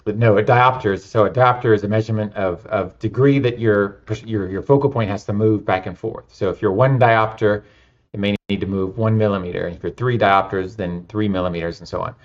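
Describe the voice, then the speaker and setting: A man telling lively anecdotes in an interview, with many fillers and restarts. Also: on the low side, brisk, muffled recording. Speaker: nonprofit founder and guest. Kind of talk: casual interview storytelling.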